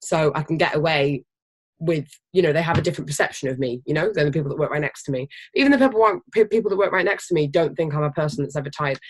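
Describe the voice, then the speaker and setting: A team leader giving an animated, casual motivational training talk, emphatic and swearing freely. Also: medium pitch, quick pace. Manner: animated, energetic. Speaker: team leader of a health business.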